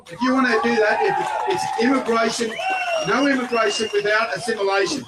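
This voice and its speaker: A man's voice: very high-pitched, fairly even intonation, a little fast, background noise. Blunt Australian man giving a rally speech. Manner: blunt, folksy, building to shouted points. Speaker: politician speaking at a rally. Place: outdoor rally. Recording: voice picked up from far off.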